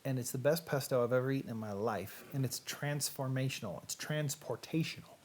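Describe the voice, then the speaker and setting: A man's voice: medium pitch, a little fast, darkish tone, a little hiss or hum. A middle-aged man with a Southern US accent, hosting a casual, rambling livestream chat in a self-deprecating way. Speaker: host.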